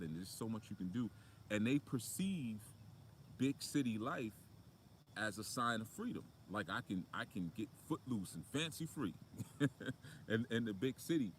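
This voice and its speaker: A spiritual motivational speaker with a low voice preaches outdoors in a relaxed, chatty manner full of fillers and asides, his intonation lively and his pace normal. Faint outdoor ambience and a bit of background noise surround him.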